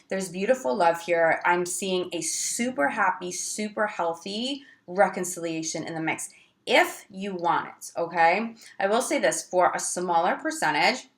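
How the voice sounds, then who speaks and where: A woman's voice: lowish voice, normal speed. A woman giving a casual tarot reading to camera, chatty and full of fillers, who often acts out the lines of the people she talks about. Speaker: tarot reader.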